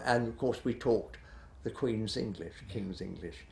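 A man's voice: lowish voice, measured pace, vocal fry, a little mellow, reverberant, a little hiss or hum. A man in his eighties, a retired television director, reminiscing in an interview in a rambling, hesitant way, full of fillers and restarts. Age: 80s.

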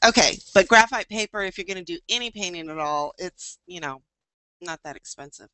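A woman's voice: on the low side, a little fast, pushed and bright, clean tone, dry recording. Chatty woman teaching a painting class. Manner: chatty, thinking aloud. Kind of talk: live online painting demo.

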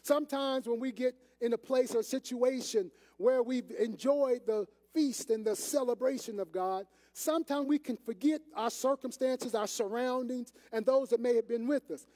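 An older man preaches a sermon in a folksy, conversational way, speaking directly to the congregation. His voice is very high for a man and mellow in tone. A long echo hangs in the church hall around him. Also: moderate pace, hardly any pauses. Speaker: assistant pastor. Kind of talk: sermon with storytelling. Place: church sanctuary.

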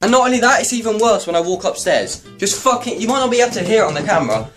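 Guy ranting into his camera, swears nonstop, voice sits a bit high, faint music behind. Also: racing. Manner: profane, excitable ranting. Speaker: YouTuber. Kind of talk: casual vlog rant.

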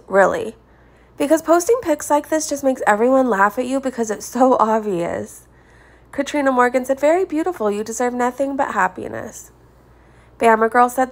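Woman reading comments with wry asides. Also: on the high side. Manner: reads comments aloud with chuckles and quick asides. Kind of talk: casual reading aloud of social media comments.

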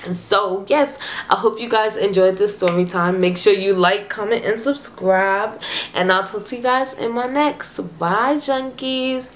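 A woman's voice: medium pitch, a little slow, a little hiss or hum. A young woman vlogger telling a personal story in casual chat, acting out text messages as she goes. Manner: animated, chatty, acts out text exchanges.

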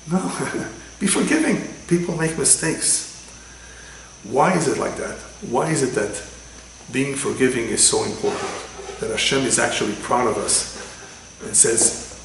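A man, a rabbi, giving a religious lecture with animated storytelling and sudden loud quoted lines. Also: mid-range voice, normal speed, gravelly, a little hiss or hum. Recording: echoey room with faint ambience.

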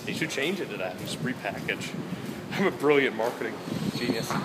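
A man from Florida vlogging from a hotel, tired and out of breath, rambling goofily between loud bursts and mumbles. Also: medium pitch, lively intonation, brisk, heavy background noise. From Florida, USA. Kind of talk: hyper casual travel vlog. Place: hotel rooms, halls and balcony.

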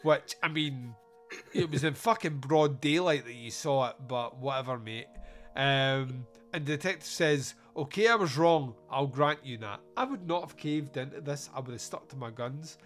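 A man's voice: mid-range voice, normal speed, faint music behind. A man hosting a casual comedic podcast, retelling film scenes with sarcastic, sweary asides. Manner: sarcastic, sweary, animated storytelling. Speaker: podcast host reviewing a film.

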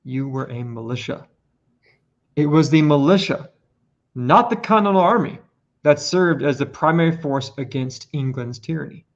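A man's voice: a little high, moderate pace. Earnest man presenting on a podcast. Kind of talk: casual podcast talk. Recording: lo-fi muffled audio.

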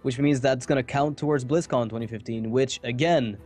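A man casting an esports match, chatting casually between games with quick asides and jokes. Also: mid-range voice, darkish tone. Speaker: esports caster. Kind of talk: casual pre-match commentary.

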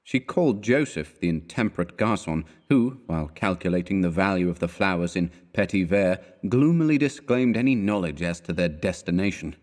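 A man with a fairly low voice reads a classic tale aloud in a measured narration. He raises his pitch when he voices the characters' lines. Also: lively intonation, a little mellow. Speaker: audiobook narrator. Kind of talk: scripted narration of a classic horror story.

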